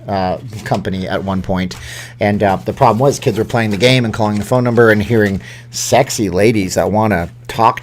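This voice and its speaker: Guy chatting on his live stream, joking around, reading fan mail out loud, easygoing. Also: on the low side. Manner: chatty, joking, reads viewer mail aloud. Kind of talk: casual live-stream chat.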